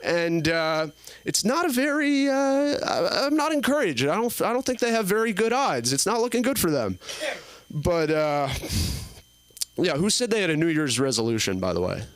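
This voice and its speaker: A man's voice: high-pitched, big pitch swings, moderate pace, clear, resonant tone. A man in his early twenties performing a stand-up set on a comedy club stage, telling stories in a rambling way with lots of fillers. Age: early 20s. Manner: rambling, filler-heavy storytelling.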